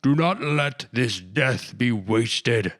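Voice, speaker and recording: A man's voice: mid-range voice, animated, takes it slowly, a bit bright. A man voicing a proud alien warrior who roars out commands in an audiobook. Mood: roaring. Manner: roaring commands.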